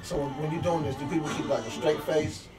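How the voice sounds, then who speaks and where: A man's voice: a little high, fast, a little mellow, far from the mic, soft background music. A man co-hosting a podcast, tossing out dry playful quips. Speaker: podcast co-host. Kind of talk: joking banter.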